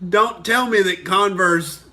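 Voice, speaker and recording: A man's voice: high-pitched, slow, pushed and bright. A young male comedian from Oklahoma ranting on a live stream, heated and profane, reading out and answering viewer comments.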